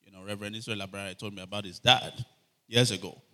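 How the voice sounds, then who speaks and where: A man preaching a sermon, telling animated stories and calling for amens. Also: lowish voice, fast talker. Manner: animated storytelling, shouting quoted cries, frequent calls for amen. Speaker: pastor.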